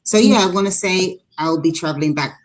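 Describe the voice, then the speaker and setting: Low-voiced English woman. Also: fairly quick. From England. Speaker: guest on a live stream. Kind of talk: casual live-stream chat.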